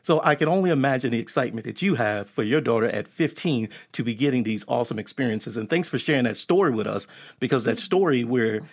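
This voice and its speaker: A man's voice: mid-range voice, expressive, fast talker. A man hosting an interview, asking questions in an encouraging, reflective way with many fillers. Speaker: interviewer host. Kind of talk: conversational interview.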